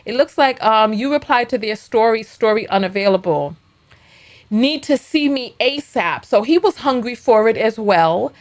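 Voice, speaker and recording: A woman's voice: on the high side, lively intonation, normal speed. A woman hosting a reaction show, commenting casually and bluntly while reading messages aloud. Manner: chatty and blunt, reads screenshots aloud.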